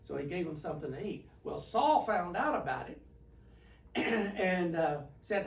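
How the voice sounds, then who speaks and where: Folksy pastor in an echoey sanctuary. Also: male voice, high-pitched, expressive, a little slow, gravelly. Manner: folksy storytelling with restarts. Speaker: pastor leading Bible study. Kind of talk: informal Bible study teaching. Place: church sanctuary. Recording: echoey room, mic at a distance.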